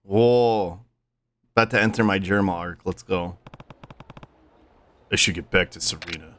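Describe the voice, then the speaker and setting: A man's voice: low-pitched, measured pace, a bit bright, a little hiss or hum. A young man casually streaming a game, swearing, laughing and chatting with viewers. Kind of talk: casual gameplay livestream chat.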